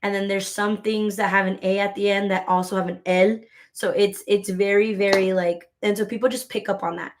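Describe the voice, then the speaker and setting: A woman's voice: mid-range voice, flat delivery, brisk, background noise. A woman chatting casually at home while she crochets, rambling along with lots of filler words. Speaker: crochet vlogger.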